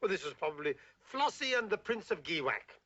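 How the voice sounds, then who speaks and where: A man's voice: a little high, very animated, a little fast, sharp tone, full character voice. An actor playing a pompous, sarcastic male school headmaster in a 1960 British film comedy. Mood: sardonic. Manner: blustering and sarcastic. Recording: dull old film soundtrack.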